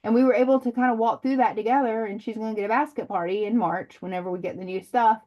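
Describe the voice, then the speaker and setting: A woman's voice: a little high, fairly even intonation, quick pace, dull audio. A middle-aged woman leading a direct sales team meeting, talking in a rambling, chatty way with many ums. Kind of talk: casual team meeting talk.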